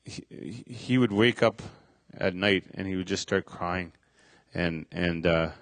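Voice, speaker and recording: A middle-aged man telling a personal faith testimony, halting, with many fillers and restarts. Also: sits low, no room sound. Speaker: speaker sharing a testimony.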